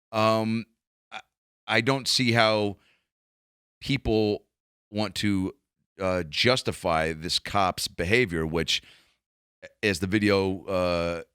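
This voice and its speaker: A man hosting a comedy podcast, talking in a casual, profane, animated monologue and acting out quotes in raised voices. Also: sits low, smooth, no echo, clean studio sound.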